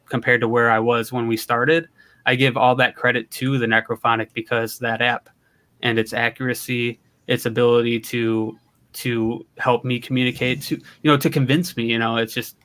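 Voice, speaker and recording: A man chatting casually as a paranormal investigator, rambling and hesitant. His voice is bright and forceful and sits at a middle pitch. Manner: rambling, hesitant, many restarts. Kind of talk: casual chat.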